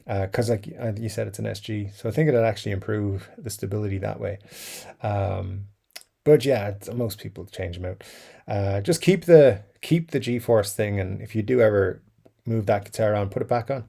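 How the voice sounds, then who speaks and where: Hosting a casual livestream, a man reads viewer comments aloud and rambles between them with plenty of fillers and chuckles. His voice is fairly low, creaky, and dark, at a normal speed.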